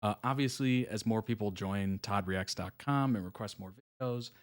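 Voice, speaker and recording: A man's voice: lowish voice, moderate pace. A man hosting a live reaction stream, chatting casually and laughing often between remarks. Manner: relaxed, chatty, reads viewer comments aloud; frequent soft laughs and fillers.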